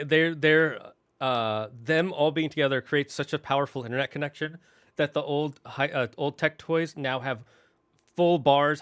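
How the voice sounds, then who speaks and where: A man's voice: on the high side, a bit bright, clean tone, no echo. A male host casually retelling a movie's plot, rambling with fillers and acting out the characters' lines. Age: adult, married. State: tearing up at times. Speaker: show host.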